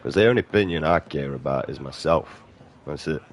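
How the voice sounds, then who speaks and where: A British man in his thirties talks over his video game in a rambling, profane rant. His voice is extremely deep. He sounds combative and jumps from one gripe to the next. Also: fairly quick. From Britain. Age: 30s. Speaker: gaming streamer.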